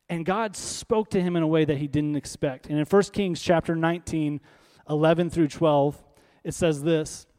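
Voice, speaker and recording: Male pastor, slightly high-pitched voice, conversational emphatic sermon delivery. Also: darkish tone. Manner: conversational, emphatic preaching with rhetorical questions.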